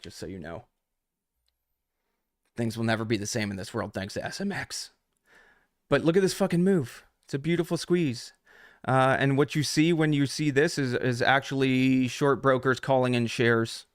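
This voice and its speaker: Male trading coach live-streaming, loose and profane, mid-pitched, close dry mic. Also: normal speed, smooth, dry recording. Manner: casual, profane, talks straight to chat. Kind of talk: unscripted live stream teaching.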